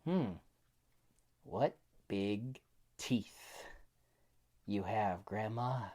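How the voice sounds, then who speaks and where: A man as a calm, unbothered boy hero. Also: lowish voice, pitched below the performer's own voice. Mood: cool. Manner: slow, calm, matter-of-fact. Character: brave young boy, cool and unfazed.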